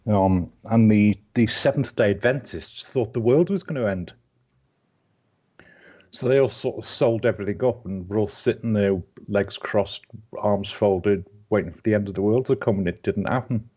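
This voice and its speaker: A man's voice: on the low side, moderate pace, a little mellow, breathy edge. Rambling Liverpool man in his fifties. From Liverpool, England. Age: 50s. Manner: rambling, restarts sentences often. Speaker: guest. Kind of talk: casual live-stream chat. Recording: dull lo-fi call audio.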